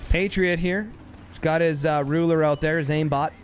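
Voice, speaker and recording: A man giving excitable play-by-play commentary on a strategy game, often repeating short calls. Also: a little high, moderate pace, a little hiss or hum. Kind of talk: live gameplay commentary.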